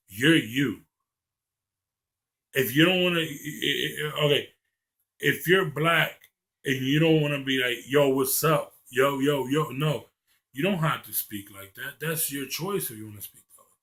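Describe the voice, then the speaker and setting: A man's voice: medium pitch, unhurried, pauses often, fairly bright tone. Earnest rambling young man vlogging. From Maryland, USA. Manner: earnest, rambling, repeats words when starting a thought. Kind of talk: casual vlog monologue.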